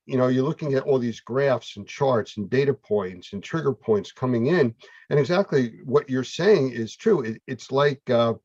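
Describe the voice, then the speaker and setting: A man's voice: medium pitch, darkish tone, dry recording. Man with a dull, dry mic sound. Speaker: host. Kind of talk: casual online interview.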